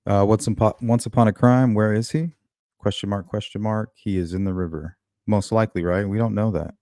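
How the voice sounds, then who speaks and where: A man hosts a live true-crime stream, casually musing over a case and greeting viewers in chat. His lowish, mellow voice holds a steady tone at a fairly quick pace, recorded clean in a studio with no room sound.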